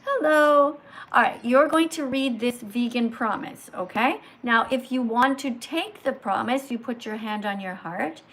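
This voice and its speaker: A woman hosting a livestream, lecturing slowly and emphatically like a teacher. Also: a little high, fairly bright tone. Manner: slow, emphatic teacher-like delivery. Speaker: livestream host.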